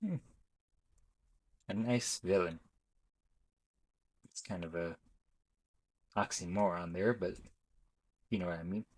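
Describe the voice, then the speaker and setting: Husky, rambling young man. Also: low-pitched, takes it slowly, pauses often, a little mellow, rough recording. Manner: rambling, self-correcting, chatty. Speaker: YouTuber ranking films. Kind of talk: casual commentary.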